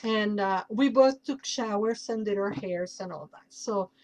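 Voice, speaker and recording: A woman's voice: medium pitch, unhurried, a little mellow, rough recording. A woman podcast host with a Mexican accent, chatting casually and plugging her work with playful asides.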